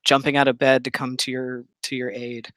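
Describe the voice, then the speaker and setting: A game master narrating a tabletop game, setting eerie scenes slowly and with pauses. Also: medium pitch, level tone, a bit bright, no echo, poor audio.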